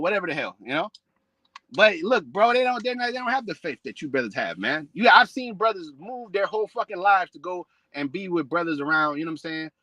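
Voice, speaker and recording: A man's voice: high voice, sharp tone, no room sound, rough recording. A man preaching in a blunt, profane rant, repeating "man" and "bro" to his listeners. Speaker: religious preacher.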